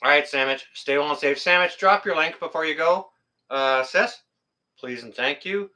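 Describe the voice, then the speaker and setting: A fairly high-pitched, pushed and bright voice at a moderate pace belongs to a middle-aged Canadian livestream host. He reads out viewer comments casually, rambling and joking, laughing at the chat, with some mild swearing.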